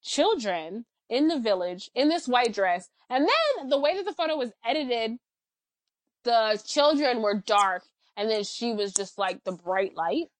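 A woman co-hosting a casual chat podcast, talking in an animated, ranting way with lots of fillers. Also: on the high side, measured pace, no echo, rough recording. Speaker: podcast co-host.

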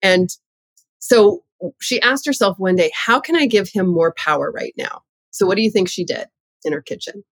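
Middle-aged woman teaching parenting, animated storyteller, dry close sound. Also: mid-range voice, moderate pace, no echo. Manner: lively, animated storytelling with laughs. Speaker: parenting class teacher, guest. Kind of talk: conversational interview.

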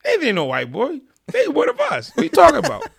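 A man doing a squeaky, teasing young cousin. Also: moderate pace, vocal fry, a bit bright, full character voice. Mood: incredulous.

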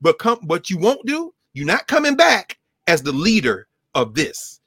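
In clean, dry studio sound, a scholar and co-host delivers a fervent lecture-style talk in a high, slightly rough voice, going a little slowly. He's animated and rhythmic, hammering points home by repeating them.

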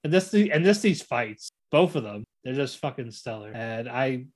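A man's voice: mid-range voice, moderate pace. A man co-hosting a podcast in casual chat, retelling scenes with lots of laughs and restarts. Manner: animated retelling, acts out characters' lines with laughs; many fillers and restarts. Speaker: podcast co-host.

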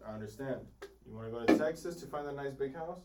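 A man's voice: mid-range voice, fast, heavy background noise. Blunt man in a roomy, distant sound. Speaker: podcast co-host, car salesman. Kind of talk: casual chat, storytelling.

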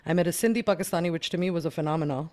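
Person raised in the us telling a story on a podcast panel, acts out the voices, mid pitch. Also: very fast. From United States. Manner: animated storyteller who acts out quoted dialogue. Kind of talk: casual panel conversation.

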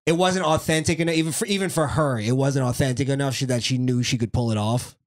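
A man's voice: mid-range voice, fast. A man co-hosting a podcast in casual chat, joking crudely and laughing often. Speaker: podcast co-host.

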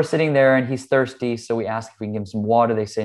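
Low-voiced man telling a personal story. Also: quick pace, hardly any pauses. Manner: earnest, relaxed, with "like" and "um". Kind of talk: conversational storytelling.

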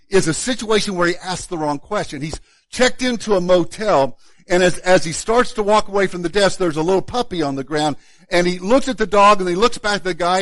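A man, a pastor, preaching a sermon in a relaxed, conversational way, often repeating words as he restarts a thought. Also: a little high, dry recording.

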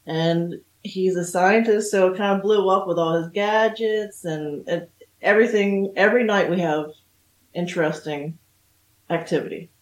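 Low-voiced woman in an echoey room. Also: normal speed. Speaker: psychic medium guest. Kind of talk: casual interview chat.

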